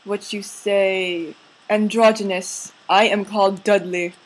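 A woman voicing a haughty English lady with a put-on English accent, halting and fishing for words. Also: mid-range voice, steady tone, rough recording.

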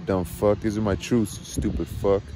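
Deep-voiced man venting with constant swearing. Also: level tone, moderate pace, background noise. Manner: rambling, frequent swearing, agitated. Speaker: vlogger. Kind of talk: casual venting monologue.

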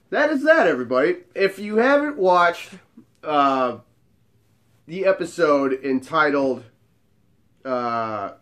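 A man's voice: fairly high pitch, a bit bright. A man in his twenties, a bartender telling a story in a casual way and acting out the dialogue. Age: 20s.

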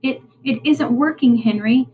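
A woman's voice: sits high, unhurried, phone-quality sound. A woman voicing an earnest, lovesick young farm girl in a storybook, pleading and anxious.

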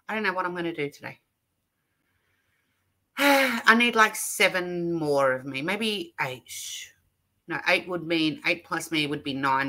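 A woman's voice: on the low side, pushed and bright. An Australian woman hosting a live craft stream from her craft room, chatty and bubbly, laughing often as she greets people. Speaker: livestream host. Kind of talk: casual live chat greeting viewers.

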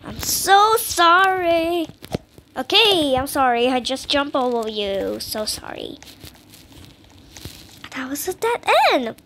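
Woman, high lively voice, slow and drawn-out talk, sound, jittery and dramatic game commentary, noisy background. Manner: jittery and dramatic, swinging between whispers and squeals. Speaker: gamer playing a horror escape game. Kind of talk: casual gameplay commentary.

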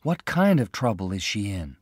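A soft-spoken, earnest young man, as a narrator reads him in a storybook. He asks worried questions in a lively voice, with a dry, close sound. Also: on the low side, moderate pace, slightly rough, no room sound.

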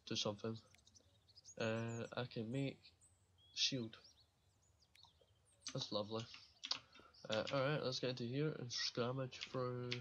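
A man's voice: mid-range voice, muffled recording, noisy background. A man giving casual commentary while playing a survival game, rambling and swearing freely and laughing at his own slips. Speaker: gaming channel host.

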